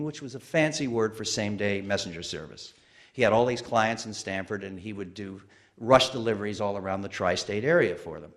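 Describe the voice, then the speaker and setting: Man, fifties, live storyteller, wry, animated, mid pitch. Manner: wry, animated, self-deprecating. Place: museum stage.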